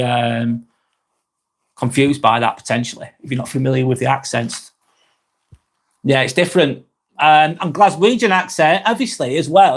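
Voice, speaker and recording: A man with a Lancashire accent hosts a casual live stream and chats easily with his viewers. His voice sits a little higher than most men's. He talks in a loose, unhurried way, swears freely and often stops to restart a sentence. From Northwest England. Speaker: live vlog host.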